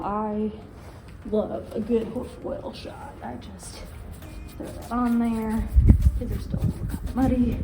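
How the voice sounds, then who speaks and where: A woman horse rider narrating her vlog in a chatty, self-deprecating way, over background music. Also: fairly high pitch.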